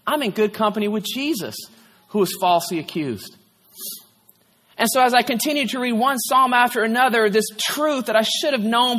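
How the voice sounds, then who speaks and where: A man's voice: very high-pitched, bright, forceful tone. A male pastor preaching a candid, conversational sermon, sharing a personal story. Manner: candid, conversational, tearful at times, frequent "right?". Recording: long hall reverb.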